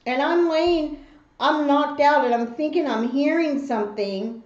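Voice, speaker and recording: A woman's voice: sits high, measured pace. A woman hosting an eating show and telling a story, acting out the voices of the people in it. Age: adult mother. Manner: animated storyteller who acts out the voices in her story. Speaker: mukbang host. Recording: roomy, slightly dull home recording.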